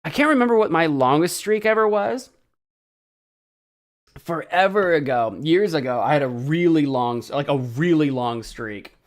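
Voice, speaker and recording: A man's voice: on the high side, lively intonation, normal speed. A young man from the American Midwest chatting casually on a live stream, self-deprecating and stumbling over Spanish words as he practices. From central Illinois, US.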